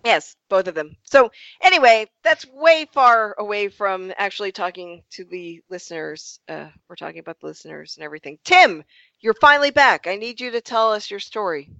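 A woman's voice: mid-range voice, expressive, normal speed, gravelly, a bit bright, no room sound, highs cut off. Apologetic woman co-hosting a podcast. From Rhode Island. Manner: apologetic, stammering restarts. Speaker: podcast co-host. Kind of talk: casual chat.

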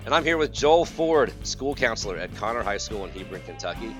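With music playing behind him, a fairly low-pitched man talks fairly quickly in a sing-song way. A US college counselor in his forties, he co-hosts a podcast and rants casually with exasperated sarcasm.

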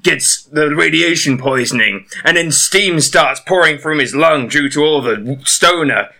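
Very bright, jokey man on a comedy podcast. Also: on the high side, measured pace, creaky. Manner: jokey, absurd bits, laughs through lines. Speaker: podcast guest. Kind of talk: casual comedic group chat.

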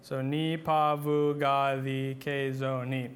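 A man's voice: medium pitch, little pitch movement, slow pace. A man teaching a class on church chant, talking patiently with many fillers and restarts, and singing short examples.

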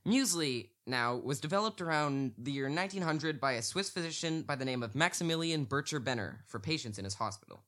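A man's voice: on the high side, lively intonation, fairly quick, hardly any pauses, fairly bright tone. A man guesting on a casual podcast, playful and getting worked up in mock rants.

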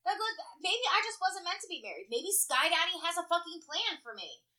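Young woman, casual chat, blunt and profane; high and very bright. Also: brisk. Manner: blunt, profane, animated storytelling.

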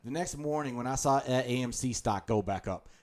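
A man co-hosting a comedy podcast, talking in a steady, laid-back way as he brings up topics. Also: medium pitch, brisk, background noise. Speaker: podcast co-host. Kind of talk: casual comedy podcast chat.

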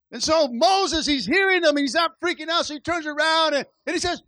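A man preaching to his church in a very high voice. He retells scripture stories with dramatic acted-out lines and keeps calling for responses from the congregation. The sound is close and dry. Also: animated, a little fast, few pauses, fairly bright tone, dry recording. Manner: dramatic storytelling, acting out biblical characters; call-and-response exhortation. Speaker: pastor. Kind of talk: sermon.

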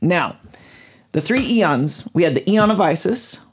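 A man hosts a casual podcast and walks his friends through a long explanation. His pitch swings widely and he keeps an easy, chatty pace. He trips over unfamiliar names now and then. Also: animated, unhurried, slightly rough. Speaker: podcast host.

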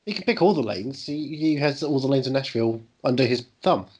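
A man's voice: mid-range voice, lively intonation, fairly quick, darkish tone, slightly rough. A man co-hosting a casual TV recap chat, full of sarcastic jokes and teasing asides. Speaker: podcast co-host.

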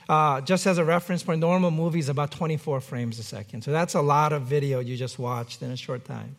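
High-voiced man preaching a sermon. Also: a bit bright. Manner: conversational preaching with light humor. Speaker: pastor.

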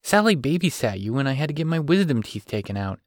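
A man as a weary, gentle single dad. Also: sing-song, fast talker, dry recording, clean studio sound, close to an everyday voice. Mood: firm. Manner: tired, low-key and gentle. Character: weary, protective single father, gentle but firm.

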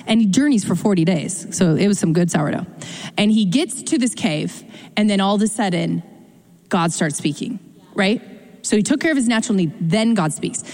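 A woman pastor preaching a sermon in a lively, conversational way, acting out quotes with sudden jumps in her voice. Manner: animated, conversational, acts out quotes with big pitch jumps. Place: church. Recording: church hall reverb.

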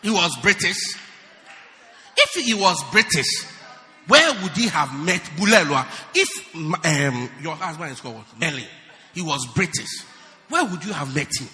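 A man preaching a sermon in a church, animated and teasing, often shouting and then dropping low. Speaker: pastor. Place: church hall. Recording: long hall reverb.

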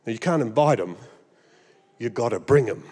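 An Australian man preaching a sermon, animated and humorous, mimicking voices as he goes. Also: mid-range voice, normal speed, husky, big-room sound. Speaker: pastor.

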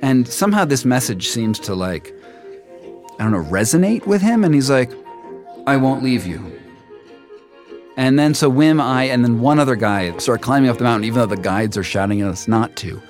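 A man recounts his own adventure in the first person, stopping and restarting as he goes. His voice stays in an ordinary middle register. Music plays softly behind him. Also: mid-range voice, expressive. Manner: halting, full of restarts and repeats. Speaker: storyteller guest. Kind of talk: first-person story narration.

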